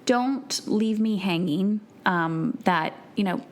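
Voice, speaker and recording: A woman's voice: medium pitch, takes it slowly. A woman in her thirties hosting a solo podcast, talking earnestly and conversationally, with many fillers and quotes acted out in others' voices. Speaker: podcast host and parenting coach.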